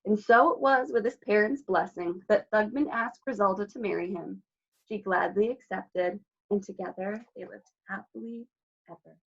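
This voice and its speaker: Woman reading aloud to kids, expressive story time, middle pitch, slightly dull audio. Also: moderate pace, vocal fry. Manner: expressive read-aloud with asides to children. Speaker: librarian storyteller.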